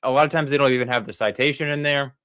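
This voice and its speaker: A man's voice: medium pitch, rapid-fire, a bit bright, smooth, dry recording, clean studio sound. A man giving casual commentary over clips, rambling with many fillers and restarts, critical and exasperated. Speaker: commentary host.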